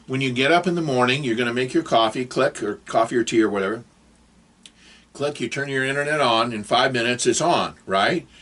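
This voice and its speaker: Older man, husky voice, casual monologue, rambling, digressive, preachy advice. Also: medium pitch, a bit bright. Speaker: vlogger giving advice.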